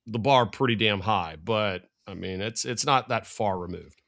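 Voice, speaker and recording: A middle-aged man, a sports analyst guest, talking fast and rambling in casual podcast chat. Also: fairly low pitch, gravelly, a bit bright.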